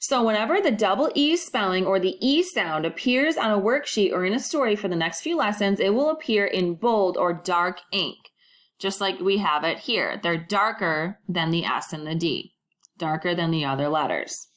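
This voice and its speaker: A woman teaching a recorded first-grade phonics lesson, modeling sounds clearly and prompting children to repeat after her. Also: medium pitch, animated, moderate pace.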